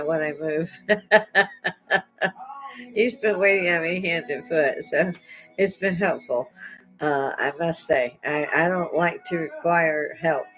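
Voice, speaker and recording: A woman's voice: low-pitched, poor audio. A middle-aged woman talking casually to her viewers. She is in pain and close to tears, but keeps laughing and cracking wry, irreverent jokes. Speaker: vlogger hosting her own channel. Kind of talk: casual rambling chat to viewers.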